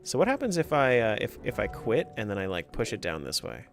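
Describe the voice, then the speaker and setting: A man's voice: lowish voice, wildly swooping pitch, fairly quick, over music. A man chatting casually on a live stream as he plays a game, talking to himself and to chat and laughing often.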